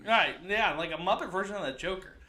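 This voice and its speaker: A young man from the Midwest with a high voice, co-hosting a crude comedy podcast. His tone is very bright and sharp. He tells rambling, profane stories and acts out the people in them. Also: fast talker, echoey room. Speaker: podcast co-host. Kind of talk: casual comedic storytelling.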